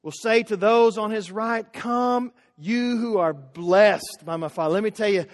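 A man preaching an impassioned sermon as a pastor, dropping to a hush and rising to shouts. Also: high-pitched, a little slow, long reverb tail.

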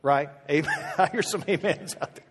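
A male pastor preaching a sermon, telling an animated story with many asides and restarts. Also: a little high, normal speed, slightly rough. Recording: echoey hall with long reverb.

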